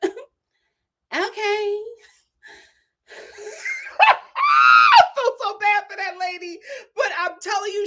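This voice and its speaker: A woman hosting a reality TV recap, talking casually and sassily, laughing and acting out the people she quotes. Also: high voice. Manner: sassy, animated, laughing, acts out quotes.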